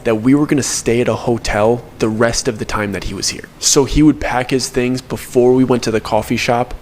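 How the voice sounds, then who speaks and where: Young man, first-person story narration, earnest, confessional, mid-pitched voice. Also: a little hiss or hum. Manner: earnest, confessional, self-correcting.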